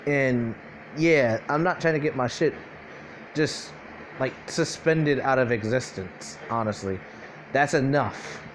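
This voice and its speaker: A man's voice: mid-range voice, takes it slowly, slight background noise. Rambling, profane young man telling a story. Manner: rambling, profane, laid-back, with many fillers and self-corrections. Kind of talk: casual improvised fan-fiction storytelling.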